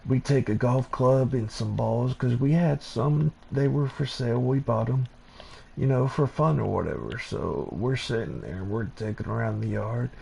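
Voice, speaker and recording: A man hosting a live stream in casual chat, laid-back and profane, laughing often, with a gravelly voice. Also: medium pitch, moderate pace, a little mellow, slight background noise.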